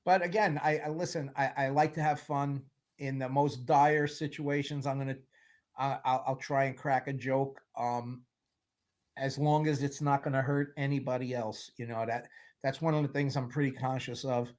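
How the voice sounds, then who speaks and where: A man in his sixties chats as an interview guest, mid-pitched and unhurried. He rambles candidly from one story to the next and slips wry humor into them. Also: fairly even intonation. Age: 60s. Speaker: guest film producer. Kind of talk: casual interview chat.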